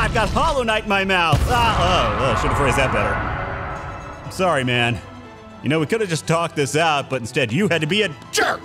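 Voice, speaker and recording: A man voicing a sarcastic, nervous little male bug knight in a comedy fan-parody, bouncing between bravado and panic. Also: high-pitched. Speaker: voice actor and channel host. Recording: music bed under the voice.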